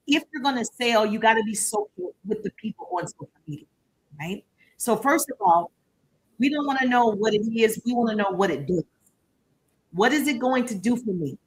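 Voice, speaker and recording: Woman, business coach, livestream trainer, chatty and encouraging, husky, higher voice. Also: poor audio. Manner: upbeat, chatty, gives shout-outs to viewers. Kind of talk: live-streamed business training.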